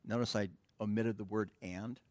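A man's voice: fairly low pitch, steady tone, normal speed, no echo. A middle-aged man preaching a sermon in church, teaching a Greek grammar point with casual, joking asides to the congregation. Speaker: pastor. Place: church sanctuary.

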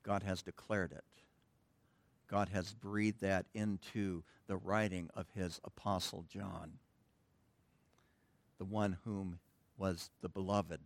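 A man's voice: low-pitched, level tone, slow pace, long pauses, dry recording. A middle-aged man preaching a sermon in church, teaching a Greek grammar point with casual, joking asides to the congregation. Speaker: pastor. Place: church sanctuary.

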